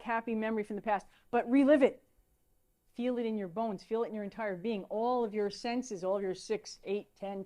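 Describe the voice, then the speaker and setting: A middle-aged woman, a teacher giving a lecture full of lively anecdotes and excited asides. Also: a little high. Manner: animated storytelling, excitable asides.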